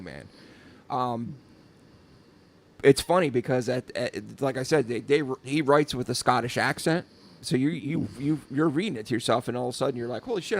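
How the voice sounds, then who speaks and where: Gravelly rambling man, casual chat. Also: mid-range voice. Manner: rambling, repeats words, many fillers. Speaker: podcast co-host, tattoo artist.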